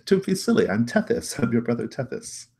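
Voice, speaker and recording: A man's voice: very animated, a little fast, a little mellow, slightly rough. A man voicing a whiny, clingy young noble brother with a petulant, wheedling manner. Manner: petulant, wheedling, then shrill.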